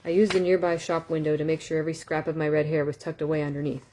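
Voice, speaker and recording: Low-voiced woman reading a novel aloud. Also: fast, slight background noise. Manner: calm, with small self-corrections and asides. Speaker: audiobook reader.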